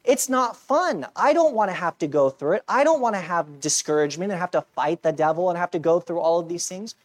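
A man's voice: sits high, animated, fairly quick. A man preaches in a church, talking to his congregation as if chatting. He jokes at his own expense and keeps checking in with "right?" between his points. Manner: conversational preaching, self-deprecating humor, frequent "right?". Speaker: pastor. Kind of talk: sermon.

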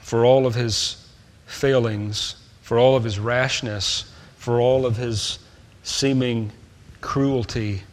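Texan preacher in an echoing hall. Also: male voice, medium pitch, fairly even intonation, slow. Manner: emphatic preaching that swings between loud stresses and quiet asides. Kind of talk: sermon.

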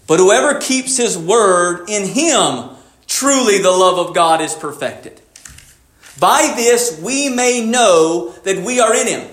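A pastor preaches to his congregation in a high, clear voice. He drops low and slow for reflective questions, then lifts into emphatic repetition. The room around him rings with echo. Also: fairly bright tone. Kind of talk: sermon.

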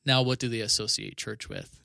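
Gravelly low-voiced pastor, earnest. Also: male voice, wildly swooping pitch, a little fast, pushed and bright, no echo, clean studio sound. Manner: earnest, with frequent restarts and 'you know'. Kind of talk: casual podcast conversation.

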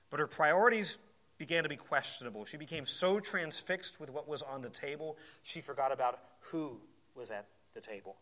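Male preacher, sermon, slightly high voice, bright, animated, conversational. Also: moderate pace. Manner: conversational, animated, repeats words.

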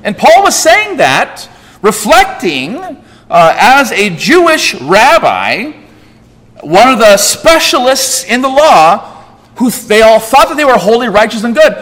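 In a church sanctuary with long hall reverb, a pastor preaches emphatically, firing off rhetorical questions as his voice swings sharply up and down in pitch and loudness for stress. He sounds very animated yet unhurried.

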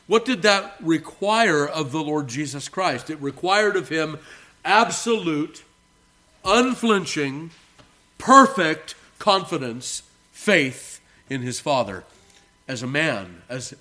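In church, a male pastor preaches to his congregation, calling them beloved. He is earnest, emphatic, and expressive, slowing on key words and shifting between soft, low asides and raised phrases.

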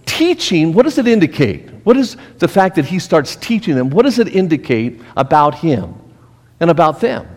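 A middle-aged man teaching a Bible study as pastor, animated and asking his listeners questions. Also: fairly high pitch, normal speed, in a large hall. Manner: animated, asks the group questions, acts out scolding voices.

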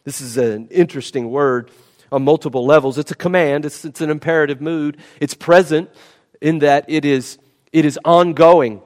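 A man's voice: a little high, moderate pace, darkish tone. A man preaching a sermon, emphatic and repeating key words for stress. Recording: long reverb of a large hall.

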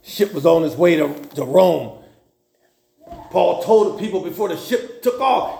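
A man preaching a sermon, telling Bible stories in a lively, folksy and humorous way. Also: sits high, normal speed, vocal fry. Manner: animated, folksy storytelling with humor. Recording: roomy echo.

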